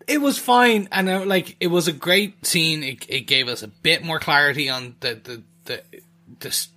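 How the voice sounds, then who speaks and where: A man co-hosting a podcast in casual chat, animated and slipping into impressions of as he talks. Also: fairly high pitch, normal speed. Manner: animated, mimics accents while talking. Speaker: podcast co-host.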